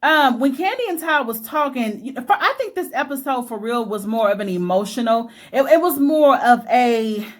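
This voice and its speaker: Woman, high voice; opinionated reality-TV recapper, casual and profane. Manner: blunt, opinionated, swears freely, many fillers.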